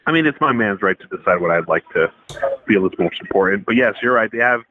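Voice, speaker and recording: A man's voice: on the low side, expressive, fast. A man calling in by phone, chatting casually in a hesitant, stammering way. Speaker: phone-in guest. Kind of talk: casual chat. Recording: tinny phone line.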